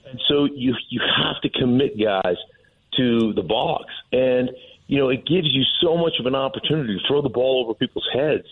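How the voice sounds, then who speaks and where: Husky-voiced man on a phone line. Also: medium pitch, normal speed. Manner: animated storyteller. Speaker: former player and football analyst. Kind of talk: casual sports talk.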